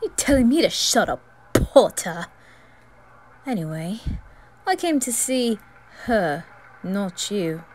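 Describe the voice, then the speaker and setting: A woman's voice: medium pitch, very animated, takes it slowly, long pauses, darkish tone, slight background noise. A woman voicing an arrogant, sneering teenage boy bully wizard in a whispered role-play, taunting and mocking. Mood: threatening.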